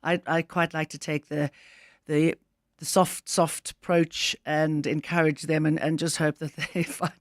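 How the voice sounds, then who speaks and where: A man's voice: fairly high pitch, flat delivery, unhurried, dry recording, studio quality. A man hosting a radio talk show, chatting casually and musing aloud with frequent restarts.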